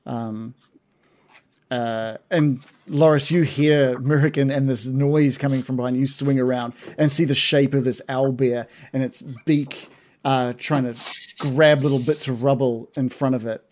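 A man's voice: medium pitch, fairly even intonation, measured pace, a little mellow. A man narrating as game master of a tabletop game, hesitant, with many fillers and restarts.

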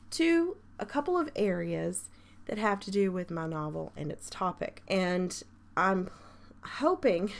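Croaky-voiced woman hosting a chatty podcast. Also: mid-range voice. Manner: chatty and rambling, laughs often, audible breaths. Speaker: podcast host. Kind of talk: casual solo podcast on writing.

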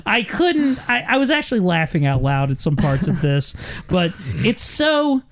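A man's voice: sits high, sing-song, normal speed. A man casually recapping a film on a podcast, rambling and joking with lots of profanity. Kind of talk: casual chat.

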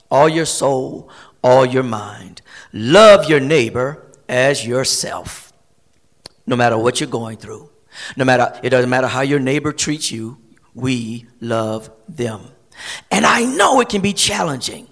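A male pastor delivering a sermon, repeating phrases as he builds. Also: a bit bright. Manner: preaching with sweeping pitch swings and repetitions.

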